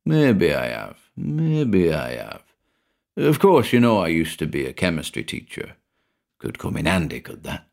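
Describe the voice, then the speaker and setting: A man voicing an older ex-chemistry teacher, blunt and boozy, with a gruff, slurring drawl and a British accent. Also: low voice, wildly swooping pitch, measured pace, darkish tone, heavily acted. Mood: gruff scheming.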